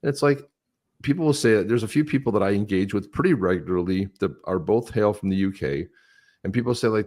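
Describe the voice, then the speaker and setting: A man with a very low, deep voice talks in a relaxed podcast chat. He tells stories in a conversational way and acts out the quoted lines of the people in them. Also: quick pace. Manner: storytelling, acts out quoted dialogue. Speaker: podcast co-host. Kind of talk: casual political chat.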